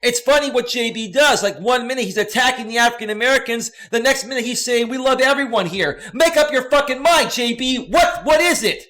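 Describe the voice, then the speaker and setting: A man's voice: very high-pitched, brisk, few pauses, pushed and bright. A man hosting a livestream, ranting in a heated, profane, repetitive way at his audience. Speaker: livestream host and coach. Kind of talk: angry livestream rant.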